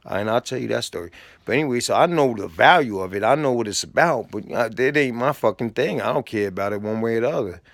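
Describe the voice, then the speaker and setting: A man recounts his prison time in casual storytelling, profane and streetwise, acting out the back-and-forth of quoted exchanges. His mid-range voice is animated, fast, and fairly bright, with no room sound.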